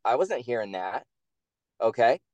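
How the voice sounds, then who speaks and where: A man speaks in a dry, close recording, telling stories from his old campaign job with blunt, profane energy. His pitch sits in the middle for a man, and he gets animated and louder when he is worked up. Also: measured pace, no echo, highs cut off. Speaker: guest, attorney and former campaign staffer. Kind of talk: casual interview storytelling.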